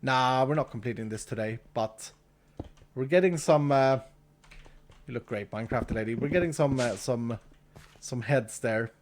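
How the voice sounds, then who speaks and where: A man's voice: mid-range voice, normal speed, long pauses, a little hiss or hum. A man streaming a game live, chatting casually with his viewers, reading chat, thanking donors and laughing easily.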